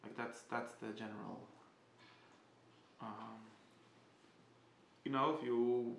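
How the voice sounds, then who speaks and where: A man giving a casual spoken class, halting and often restarting as he searches for words. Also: mid-range voice, fairly even intonation, vocal fry, fairly bright tone, echoey room, slight background noise. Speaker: teacher.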